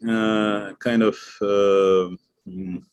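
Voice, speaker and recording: A man with a Russian accent, a student on an online call, speaking hesitantly with many pauses and fillers. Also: lowish voice, little pitch movement, clean tone, dry recording. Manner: hesitant, lots of "uh" and restarts. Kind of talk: online group lesson. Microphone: video call.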